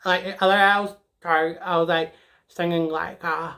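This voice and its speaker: A woman's voice: on the low side, fairly even intonation, unhurried, a bit bright. A woman playing a sassy, dramatic teenage schoolgirl in a comedic character monologue, rambling and emotional with lots of "like".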